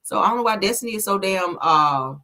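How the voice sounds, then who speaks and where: A woman's voice: mid-range voice, animated, fairly quick, sharp tone. A woman hosting a celebrity gossip commentary, blunt, profane and sassy as she reads viewer comments.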